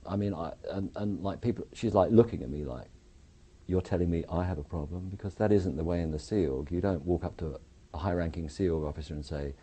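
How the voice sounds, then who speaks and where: A man's voice: sits low, fairly quick, slightly rough. A man with an English accent, an architect interviewed about his experiences, telling his story casually and acting out what others said. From England. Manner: animated retelling, acts out quoted voices.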